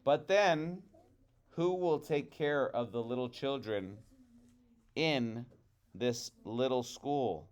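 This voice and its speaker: A man's voice: medium pitch, slow, pauses often, close to an everyday voice. A man voicing a sly, persuasive male trickster rabbit in a storybook read-aloud. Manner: pleading, persuasive.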